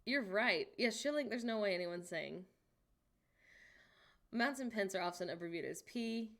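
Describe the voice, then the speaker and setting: A woman's voice: medium pitch, lively intonation, normal speed, fairly bright tone. A young American woman hosting a casual live stream, reading chat aloud, joking and laughing often, with incredulous outbursts. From United States. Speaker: livestream host.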